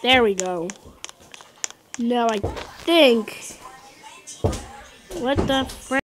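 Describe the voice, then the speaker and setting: A woman giving casual gameplay commentary, excitable, often yelling and taunting at the game. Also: a little high, extremely slow, noisy background. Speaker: gaming video host.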